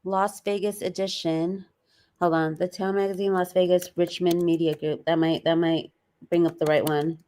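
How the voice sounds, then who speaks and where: A woman's voice: fairly low pitch, level tone, moderate pace, a little mellow. A woman co-hosting a casual livestream, chatty and addressing viewers as y'all while reading filings aloud. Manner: chatty, says y'all, reads letters aloud.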